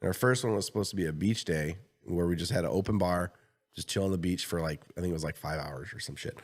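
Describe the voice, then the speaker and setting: A man's voice: sits low, quick pace, breathy edge. A man co-hosting a podcast, talking in a laid-back way and swearing casually. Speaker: podcast co-host. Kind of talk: casual chat.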